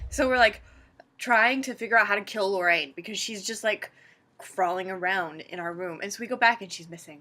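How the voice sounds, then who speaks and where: A woman vlogger telling a story to camera in a chatty, animated way, full of fillers. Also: mid-range voice, a little fast.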